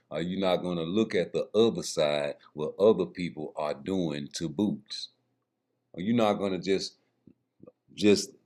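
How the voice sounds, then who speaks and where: A man's voice: deep voice, darkish tone. A man giving casual, profane, rambling boxing commentary straight to his viewers. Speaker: boxing YouTuber.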